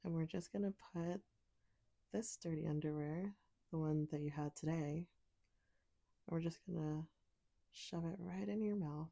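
A woman's voice: deep voice, normal speed, vocal fry, long pauses, dark tone. A woman speaking in an intimate audio role-play, teasing and commanding, sometimes dropping to a whisper.

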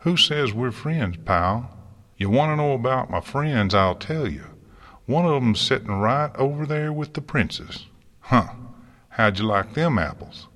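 A man's voice: medium pitch, animated, unhurried, fairly bright tone, long reverb tail, voice pushed up. A man voicing a brash country farm mare with a folksy Southern drawl in a storybook reading. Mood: feisty. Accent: put-on Southern country drawl. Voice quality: folksy, scrappy.

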